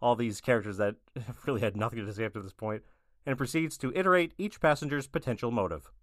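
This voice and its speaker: A man co-hosting a podcast, recapping a cartoon episode in relaxed, dry conversation. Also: mid-range voice, fast, dry recording. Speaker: podcast co-host.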